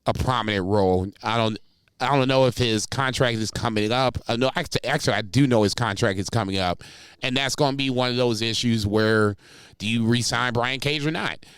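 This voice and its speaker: A man's voice: mid-range voice, a little fast, a bit bright, clean tone, dry recording. A man co-hosting a casual podcast, rambling through his points with frequent restarts and casual swearing. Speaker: podcast co-host. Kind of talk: casual wrestling podcast chat.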